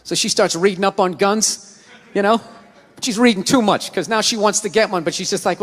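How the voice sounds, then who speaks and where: A male stand-up comic ranting in an explosive, shouting delivery, with a high voice and a bright, forceful edge. The sound carries a long reverb from a live venue, with a faint hum of ambience underneath. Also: a little fast. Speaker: stand-up comedian. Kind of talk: stand-up comedy.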